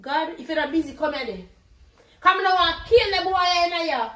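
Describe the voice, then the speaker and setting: An actress gives us a proud, bossy old Jamaican grandmother in a comedy film. She has a piercing high voice with a bright, cutting edge, and she scolds in thick Patois. The sound bounces around an echoey room. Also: lively intonation, moderate pace. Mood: exasperated. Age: older. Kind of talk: comedy skit acting.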